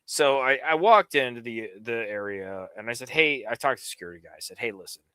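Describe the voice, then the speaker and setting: Lively, bright-voiced storytelling man. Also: medium pitch, fast, clean tone, no room sound. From New York area. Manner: rambling storyteller, profane, animated. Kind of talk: casual livestream chat.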